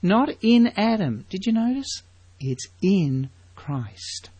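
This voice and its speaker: A man's voice: high voice, very animated, slow, mellow, slightly rough. A man preaching a sermon, emphatic and full of rhetorical questions to his congregation.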